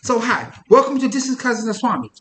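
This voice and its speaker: A man's voice: extremely high pitch, very animated, fast, a bit bright, roomy sound, voice pushed up, exaggerated voice. A man voicing a grandiose male fortune-teller mystic who proclaims his predictions in a pompous way.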